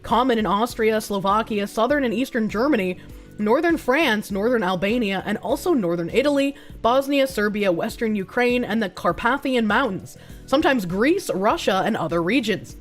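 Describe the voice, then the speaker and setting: A woman's voice: fairly high pitch, animated, moderate pace. A young woman streaming a guessing game, thinking aloud, laughing often and swearing freely. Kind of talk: casual live-stream commentary while playing a guessing game. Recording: faint music behind the voice.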